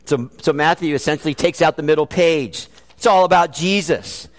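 A man preaching a sermon in a church, earnest and animated, mixing scripture references with joking asides. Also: on the high side, moderate pace. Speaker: pastor. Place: church sanctuary. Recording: long hall reverb.

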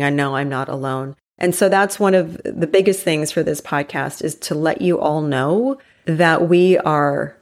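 A woman in her forties hosting a solo motivational podcast, chatty and emphatic, slowing down to stress her key points. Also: deep voice. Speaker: podcast host.

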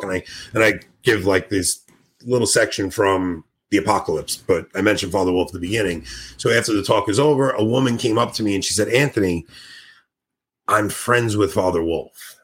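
A man's voice: low-pitched, fairly quick, breathy edge. A man hosting a podcast in casual chat, enthusiastic and rambling, sounding tired. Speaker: podcast host.

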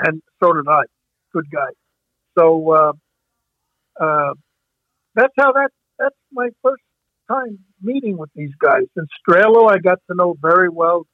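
A man's voice: high voice, dry recording. An older man from Brooklyn, telling stories from his coaching days in a rambling way, often stopping and restarting. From Brooklyn, New York. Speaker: hockey coach. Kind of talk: reminiscing storytelling. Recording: tinny phone-like dry sound.

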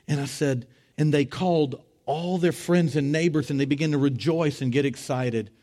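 A middle-aged man preaching as a pastor, telling a story with animated, rising voices for the people in it. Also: normal speed. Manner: animated, rising to high excited voices when retelling dialogue. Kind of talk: sermon storytelling.

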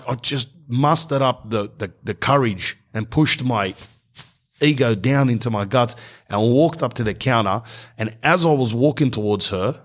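A middle-aged man, telling a comic story in an exasperated, animated rant and calling the viewer "bro". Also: mid-range voice. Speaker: vlogger.

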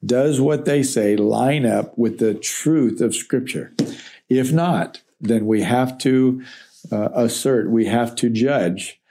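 A man's voice: mid-range voice, slow pace, mellow. A man teaching through a Bible letter verse by verse, in a conversational, explanatory way. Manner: conversational, explanatory, checks in with okay.

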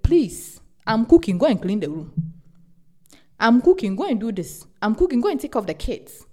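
Lively, emphatic young woman podcaster. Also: on the high side, moderate pace. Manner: animated and emphatic, repeats words for stress. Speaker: podcast host. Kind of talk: casual relationship advice monologue.

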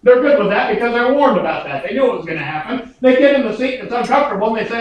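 A man's voice: extremely high pitch, animated, rapid-fire, few pauses, highs cut off. A middle-aged man preaching a sermon in a folksy storytelling way, acting out the quotes with big swings in his voice. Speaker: pastor. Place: church sanctuary. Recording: very echoey church recording from far off.

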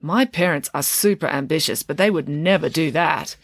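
A woman's voice: low-pitched, normal speed, no echo, studio quality. A woman voicing a fussy, ambitious schoolgirl in a storybook reading, speaking in a prim, emphatic way. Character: ambitious schoolgirl, fussy top maths student.

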